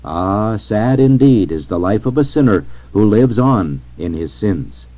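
A man reading a sermon aloud in a solemn, measured way. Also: on the low side, expressive. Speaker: reader of a sermon. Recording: dull lo-fi recording.

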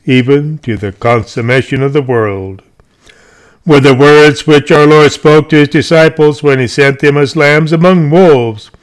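A man reading an old sermon aloud in a measured, solemn way. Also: fairly high pitch. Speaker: preacher.

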